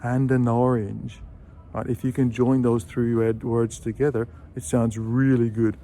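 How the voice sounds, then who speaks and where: A man gives an English pronunciation lesson at a mid pitch, patient and steady. He says example phrases slowly and repeats them. A faint background hiss sits under his voice. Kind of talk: video lesson. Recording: faint background noise with birdsong.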